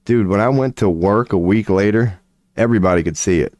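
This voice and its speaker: Man, toothless, low voice, dry close mic, casual stream rant, profane. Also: fairly quick, a little mellow, dry recording. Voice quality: toothless, slightly lisping when mouth is dry. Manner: loose and profane, laughing at himself. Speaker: streamer giving tarot readings. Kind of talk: casual livestream rant to chat.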